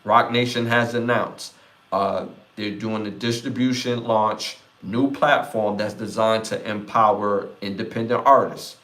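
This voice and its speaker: A man's voice: fairly low pitch, steady tone, measured pace. Laid-back Brooklyn man hosting a podcast. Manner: laid-back, reads chat comments aloud, gives shout-outs. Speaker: podcast host. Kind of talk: casual live-stream podcast chat.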